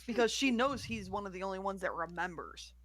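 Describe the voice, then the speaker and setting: A woman's voice: mid-range voice, brisk, a crowd in the background. A woman playing a tabletop game, full of crude, laughing banter. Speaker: player. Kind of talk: casual tabletop play.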